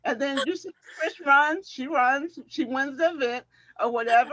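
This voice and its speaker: A middle-aged woman, a former track athlete, telling animated stories in a casual chat and acting out what people said, often laughing. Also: high-pitched, normal speed, dry recording, highs cut off. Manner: animated storyteller, acts out quotes, laughs often.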